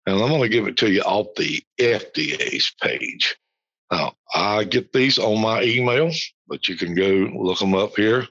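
A low-pitched man hosts a podcast, reading official text aloud and repeating key passages slowly. The sound is dry and a little dull and lo-fi. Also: a bit bright, no echo. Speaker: podcast host.

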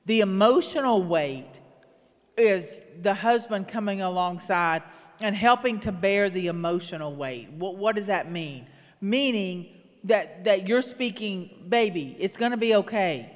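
Preaching next to the pastor in a church sanctuary, a woman with a medium-pitched voice speaks at a measured pace, animated and earnest. Her rhythmic sermon repeats phrases, and the recording carries long hall reverb.

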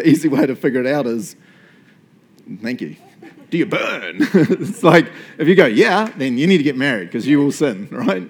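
A middle-aged man with a New Zealand accent, preaching a sermon in a chatty, animated way and laughing often between points. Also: medium pitch. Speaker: pastor.

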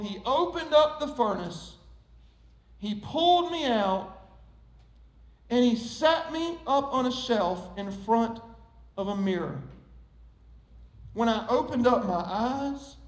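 A man voicing a long-suffering talking teacup in a sermon story, crying out in high pleas. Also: full character voice. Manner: storytelling, rising to high pleading cries. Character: old teacup, male, long-suffering and wondering. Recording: roomy echo.

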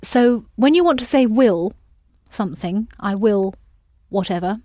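A woman's voice: mid-range voice, expressive, measured pace, mellow, dry recording, clean studio sound. A woman teaching a language lesson, patiently prompting her students with questions.

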